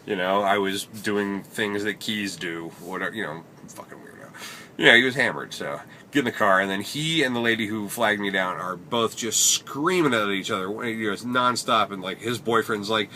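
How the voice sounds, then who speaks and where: A man's voice: lowish voice, lively intonation, a little fast, bright, forceful tone, slight background noise. A man telling stories from his taxi shifts in a rambling, wry way, sometimes swearing, recorded inside his cab. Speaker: taxi driver. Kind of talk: casual storytelling vlog.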